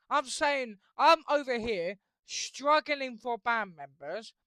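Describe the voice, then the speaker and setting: A woman hosting her channel, rambling through made-up band lore with stammering restarts, swinging between mumbling and loud exclaiming. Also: fairly high pitch, dry recording, studio quality. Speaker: channel host.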